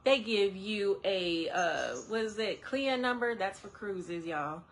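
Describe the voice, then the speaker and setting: Sitting indoors under a ring light, a woman who works as an independent travel agent talks directly to her live-stream viewers with lots of laughter. Her mid-range voice is slow, and her manner animated and casual.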